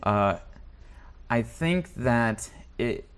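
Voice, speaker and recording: Male co-host, mid-pitched voice, cautious, measured, searching for words. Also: expressive, clean tone. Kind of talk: casual talk show discussion.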